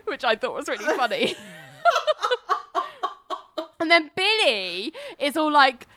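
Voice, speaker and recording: A woman's voice: high-pitched, very animated, unhurried, long pauses, bright, forceful tone. A woman, casually retelling a TV episode as a podcast host, acting out the characters' lines with laughs. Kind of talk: casual chat.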